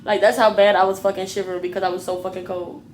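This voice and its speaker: A woman's voice: mid-range voice, fast talker, a little hiss or hum. A young woman vlogger casually telling her viewers a story, blunt and full of swearing. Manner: profane, blunt, animated retelling.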